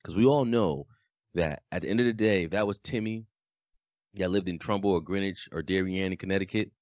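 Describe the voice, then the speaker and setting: A man co-hosting a podcast in casual chat, talking in a flat, deadpan way. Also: deep voice, fairly quick, no echo, lo-fi sound. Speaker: podcast co-host.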